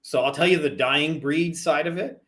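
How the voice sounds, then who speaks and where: A man's voice: on the high side, moderate pace, a bit bright. A middle-aged man from Canada, a guest chatting casually about marketing, rambling with lots of "like". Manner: rambling, heavy on "like" fillers. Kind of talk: casual chat.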